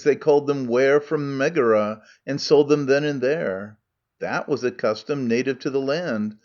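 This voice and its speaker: A man reads as a wily, defiant Athenian farmer declaiming rhymed verse in an even, middle-pitched voice. The recording is slightly muffled and lo-fi. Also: close to an everyday voice. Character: wily defiant male Athenian farmer arguing his case.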